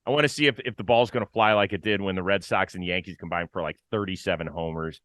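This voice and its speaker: A man's voice: deep voice, fast, a bit bright, dry recording, clean studio sound. A man hosting a baseball talk show, playful and stat-heavy in casual chat.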